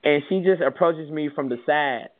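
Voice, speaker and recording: A man telling a story in casual chat as a podcast co-host, animated and swearing, mimicking people. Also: a little high, normal speed. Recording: tinny phone-like audio.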